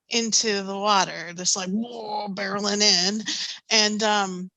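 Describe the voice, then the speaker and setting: Bright-voiced woman in her fifties telling stories. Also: mid-range voice, dry recording, rough recording. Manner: animated anecdotes, laughing often, many ums. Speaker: panelist, canoe skipper. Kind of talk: casual storytelling on a panel.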